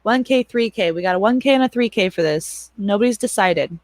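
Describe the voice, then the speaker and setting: Talking loosely with viewers at a mid-range pitch, a thirty-something woman hosts and moderates a casual livestream at a fairly quick clip. Her rambling is full of laughter and offhand swearing. The audio sits close and dry, with no trace of the room.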